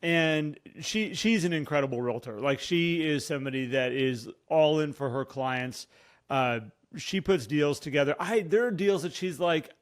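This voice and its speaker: A man's voice: a little high, normal speed. A man co-hosting a casual podcast as a real estate coach, talking earnestly and acting out what clients say.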